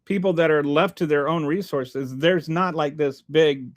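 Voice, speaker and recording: While hosting a live stream, a man reads chat aloud and answers with sarcastic, rambling commentary full of restarts. He talks at a moderate pace in a fairly high-pitched voice.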